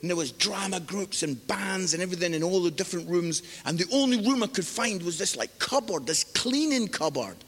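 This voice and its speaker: Male preacher, high and lively, animated sermon delivery, long hall reverb. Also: a little fast, few pauses, husky. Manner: animated, exclamatory, mimics voices in stories. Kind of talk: sermon with storytelling.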